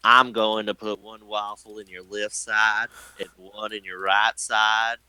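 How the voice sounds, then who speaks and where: A man voicing a male monkey character in a deliberately bad Cockney accent, stumbling and laughing at himself. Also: fairly low pitch, flat delivery, pushed and bright, clean tone, dry recording, pitched below the performer's own voice, poor audio. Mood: goofy.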